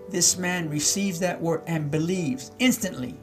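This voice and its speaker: A man's voice: high voice, slow pace, faint music behind. A middle-aged male pastor teaching scripture verse by verse, repeating key words and asking his listeners questions. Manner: reads verses then explains them, with many repeats and questions to the listeners. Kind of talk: slow Bible-teaching sermon.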